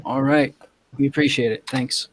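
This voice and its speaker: A man playing in a tabletop game, speaking for his character in a measured, fairly formal way. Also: mid-range voice, fairly even intonation, dry recording, poor audio. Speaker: player. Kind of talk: tabletop game role-play.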